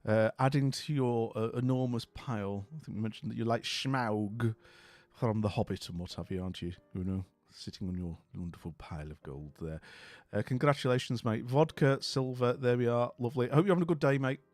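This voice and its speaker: A man's voice: mid-range voice, a little fast, a little mellow, dry recording. A man hosting a live stream, chatting with viewers in a rambling, jokey way full of fillers, and sounding tired. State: tired and dopey. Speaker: livestream host. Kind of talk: casual live-stream chat greeting viewers.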